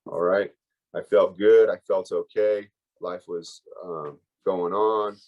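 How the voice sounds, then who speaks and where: A man's voice: sits low, steady tone, slow pace, muffled recording. Candid, emotional man sharing his story. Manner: candid, emotional, rambling with fillers. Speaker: workshop speaker. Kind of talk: personal recovery share.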